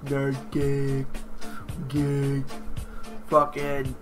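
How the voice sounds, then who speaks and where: A gaming YouTuber, a man, ranting and swearing constantly in a blooper vlog, often flying into shouting fits. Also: mid-range voice, completely flat delivery, very slow, music in the background.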